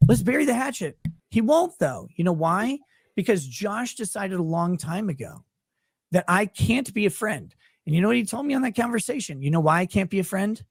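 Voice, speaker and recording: A man's voice: high-pitched, very animated, fairly quick, husky, no room sound. A man ranting heatedly on a livestream, exasperated and swearing constantly as he defends himself. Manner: angry, exasperated, swearing heavily.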